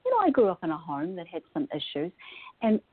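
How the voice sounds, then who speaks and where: A woman's voice: lowish voice, huge pitch swings, fast, husky. A woman from New Zealand with a New Zealand accent, speaking as a guest in a podcast interview in an upbeat, effusive way. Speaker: guest, wardrobe stylist. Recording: phone-line audio.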